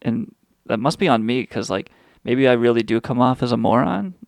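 Guy ranting on his radio show, swears a lot, sarcastic, kinda gravelly. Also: mid-range voice, lively intonation, normal speed, no echo. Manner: crude, sarcastic rant with frequent swearing. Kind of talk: profane comedic monologue.

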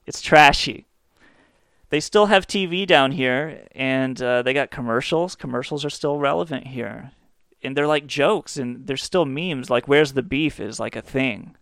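A man's voice: mid-range voice, a little slow, creaky, a bit bright, no echo. A man hosting a comedy podcast, delivering a profane, mocking rant into a close mic. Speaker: podcast host. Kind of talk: ranting comedy monologue.

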